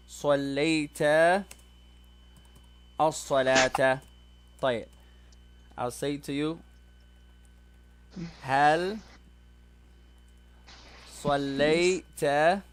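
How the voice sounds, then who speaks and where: Male teacher, slightly high voice, patient step-by-step classroom explanations. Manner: explains step by step, mixing English and Arabic examples. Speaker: Arabic teacher. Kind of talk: classroom grammar lesson.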